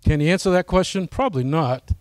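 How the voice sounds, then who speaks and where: A man's voice: a little high, fast, dry recording. A man giving a casual, folksy presentation to his flying club, often asking the audience questions.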